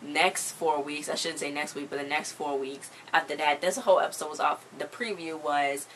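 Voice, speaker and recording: A woman with a low voice runs through a TV episode in a casual, chatty recap. She fills her sentences with "like" and acts out the scenes as she goes. A faint background hum sits under her voice. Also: normal speed, poor audio. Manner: chatty, full of "like" fillers; animated retelling of scenes. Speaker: show recap host.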